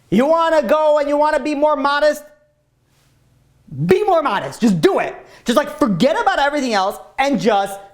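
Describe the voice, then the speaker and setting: A man giving an informal Torah class as a rabbi, talking emphatically and repeating his point, with a loose, casual way of speaking full of "like.". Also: very high-pitched. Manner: emphatic, repetitive, casual with many "like" fillers.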